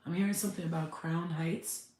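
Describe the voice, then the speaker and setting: A woman psychic medium channeling messages in a halting, repetitive, emotional way, close to tears. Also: fairly low pitch, fairly even intonation, dark tone. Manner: halting, repetitive, restarts words. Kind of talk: live spirit channeling session. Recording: very echoey room, faint background noise.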